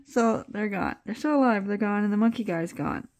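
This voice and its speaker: A woman's voice: mid-range voice, normal speed, darkish tone. A woman casually retelling a comic book's plot as a reviewer, chatting loosely with asides as she flips pages.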